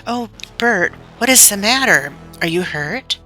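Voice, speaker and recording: A woman's voice: mid-range voice, expressive, measured pace, sharp tone, faint music behind, pitched above the performer's own voice. A woman reading aloud, voicing a worried girl caring for her hurt brother. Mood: anxious. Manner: anxious, caring.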